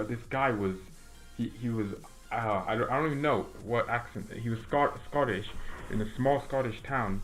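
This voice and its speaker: A teenage boy from the United States talks at an ordinary, middling pitch. He chats loosely while he plays a video game, rambling and restarting his sentences. Faint game music sits under his voice. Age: teens. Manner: rambling, many restarts and fillers. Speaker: gaming streamer and fan commentator. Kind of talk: casual chat while playing a video game.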